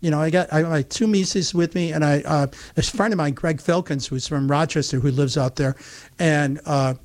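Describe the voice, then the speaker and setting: An older man with an upstate New York accent spins a long, chatty anecdote. His voice sits a little high, and he jumps into the voices of the people in his story as he goes. It sounds like a relaxed radio host among friends. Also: moderate pace. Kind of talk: casual storytelling chat.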